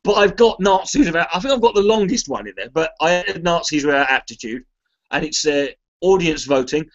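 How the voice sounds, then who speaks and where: A sweary, self-mocking comedian talks casually on a livestream, reading chat aloud as he goes. His voice sits a little high for a man. The sound is muffled and lo-fi, as if it comes through a webcam mic on a video call. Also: expressive, a little fast. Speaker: comedian hosting a charity livestream.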